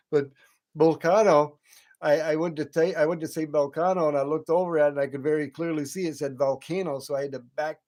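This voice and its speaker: A man's voice: on the high side, steady tone, normal speed, pauses often, darkish tone. A man hosting a late-night live stream from home, chatting casually with viewers in a rambling way and often chuckling.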